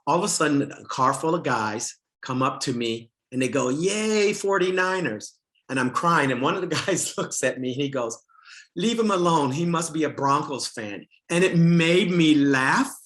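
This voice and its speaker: A man's voice: mid-range voice, a bit bright. A middle-aged man speaking at a summit, telling a frank personal story with self-mocking humor and frequent restarts. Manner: candid storytelling, laughs at himself, many restarts and fillers.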